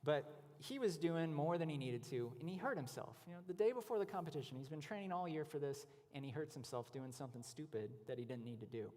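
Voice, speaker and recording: A man's voice: a little high, expressive, fast talker, hardly any pauses, a little mellow. A man giving a conversational testimony at a church event, telling stories with many casual fillers. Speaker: guest speaker. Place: church hall. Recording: long hall reverb.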